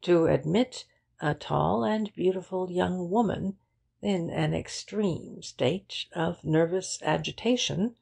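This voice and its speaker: A woman reads an audiobook aloud in an even, unhurried manner. Her voice sits low, with heavy vocal fry and a husky grain. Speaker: audiobook narrator. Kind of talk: scripted narration.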